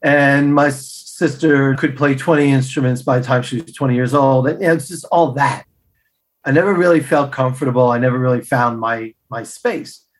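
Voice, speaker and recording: A middle-aged man, a podcast guest, telling personal stories in an animated way and acting out the dialogue. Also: mid-range voice, moderate pace. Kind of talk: storytelling interview answers.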